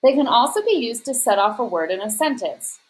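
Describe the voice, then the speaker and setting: A woman's voice: fairly high pitch, lively intonation, brisk, rough recording. A woman teacher walking students through a grammar worksheet, explaining patiently step by step and speaking directly to her class. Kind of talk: recorded class lesson.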